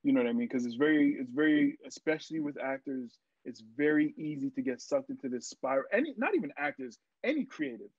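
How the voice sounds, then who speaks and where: A young man and actor, a podcast guest, telling stories in a casual interview, lively and full of fillers as he acts out what people said. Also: mid-range voice, fairly quick, hardly any pauses, no echo. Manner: animated storyteller, acts out quotes, many fillers. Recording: dry, muffled lo-fi sound.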